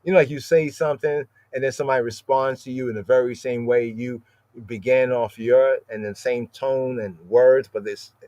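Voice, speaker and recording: A man's voice: mid-range voice, fairly even intonation, moderate pace, darkish tone, dry recording. A man teaching a scripture lesson on a podcast, explaining word by word and often checking in with "right?". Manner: explanatory, peppers phrases with "right?". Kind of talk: podcast Bible study lesson. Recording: dull lo-fi dry sound.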